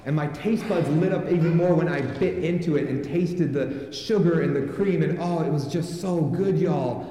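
A man preaches a sermon and calls on his congregation to respond. His voice sits a bit high and sounds dark and mellow. It rings through a large church hall with long, echoing reverb. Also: moderate pace, few pauses. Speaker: pastor.

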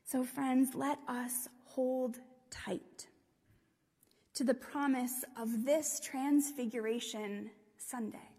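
A woman preaches a sermon in a high voice, moving slowly and gently through a story. Now and then she drops almost to a hush. Her voice carries the long reverb of a large hall. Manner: slow, gentle storytelling with hushed passages.

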